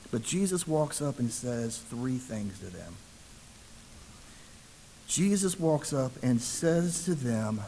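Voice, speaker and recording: A man's voice: mid-range voice, animated, slow pace, warm tone, a little hiss or hum, poor audio. A man preaching a sermon as a ruling elder, telling the story conversationally and acting out the voices in quotes.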